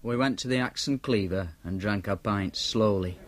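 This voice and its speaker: A man with a Northern English accent narrating an audiobook in a deadpan, matter-of-fact manner. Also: on the low side, moderate pace, no room sound. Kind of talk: first-person audiobook narration.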